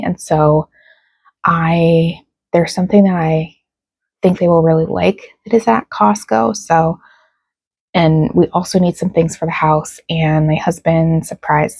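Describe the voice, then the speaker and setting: A young woman vlogging at home, her voice gravelly with a husky edge. She sounds frustrated and close to tears but keeps laughing it off. The sound is dry and close, with no room around it. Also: on the low side, darkish tone, no echo. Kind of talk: casual vlog chat.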